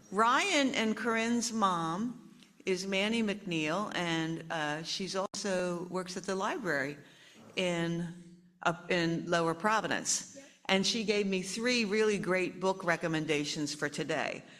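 A woman's voice: mid-range voice, takes it slowly. Woman reading a picture book to kids. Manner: animated, chatty asides to kids. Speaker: children's storytime reader.

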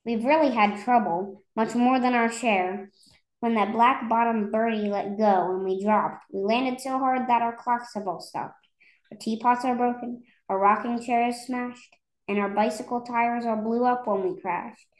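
A woman's voice: fairly high pitch, steady tone, unhurried, reverberant, natural voice, poor audio. A woman reading aloud, voicing a worried, polite mayor of a tiny town who pleads for help. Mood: pleading.

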